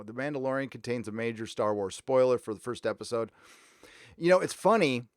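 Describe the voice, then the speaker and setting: Male stream host, mid-pitched, rambling casual chat, dry close mic. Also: clear, resonant tone, no room sound. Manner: rambling, reads donor messages aloud.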